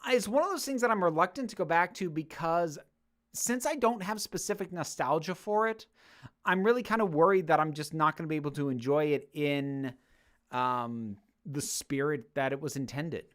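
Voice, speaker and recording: A man's voice: a little high, normal speed, fairly bright tone. A man from the United States hosting a livestream, casually answering chat questions with rambling jokes and lots of fillers and restarts. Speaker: YouTube host answering chat.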